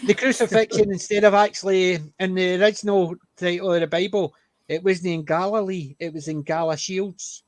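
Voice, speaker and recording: A high-voiced Scottish man who is keen to explain things, dropping in 'aye' as he goes. The sound is close and dry. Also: steady tone, normal speed, no echo. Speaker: panel member. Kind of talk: casual panel chat.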